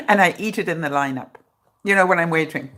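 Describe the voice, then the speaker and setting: A woman's voice: lowish voice, a bit bright. A middle-aged woman chatting on a live stream from her phone, laughing often and joking with a sarcastic edge. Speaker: vlogger hosting a live broadcast. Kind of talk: casual live-stream chat.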